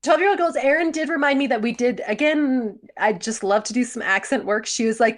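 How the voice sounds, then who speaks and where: Animated woman in her forties. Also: fairly high pitch, brisk, few pauses. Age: 40s. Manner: animated storytelling, laughs often. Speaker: podcast co-host. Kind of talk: casual chat.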